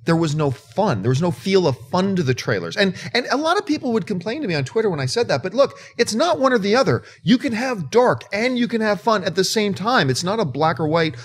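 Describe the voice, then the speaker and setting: Excitable man hosting a movie chat. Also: high voice, fairly quick, few pauses, slightly rough. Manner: excitable, emphatic, repeats words when worked up. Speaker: host. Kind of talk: casual movie news chat.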